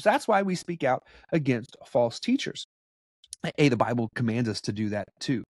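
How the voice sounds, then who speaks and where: A man teaching from the Bible in a casual preaching style, conversational and animated with blunt asides. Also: medium pitch, no echo, studio quality.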